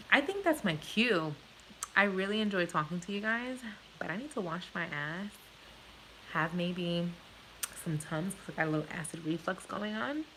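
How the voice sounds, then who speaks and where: A woman's voice: on the low side, noisy background. A woman with a New Jersey accent, born in Puerto Rico, chatting frankly and swearing freely on a live stream with viewers. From born in Puerto Rico, raised in New Jersey. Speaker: vlogger answering live viewer questions. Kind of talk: casual live-stream chat.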